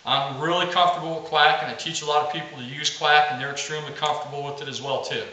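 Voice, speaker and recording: A man with a fairly high, bright voice explains duck calls in a plain, practical way. He sits back from the mic, and the sound rings heavily around a hard, echoey space. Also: fairly even intonation, quick pace, far from the mic, dull audio. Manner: plain, practical teaching, saying quack aloud to demonstrate. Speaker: duck call instructor. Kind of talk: instructional how-to video.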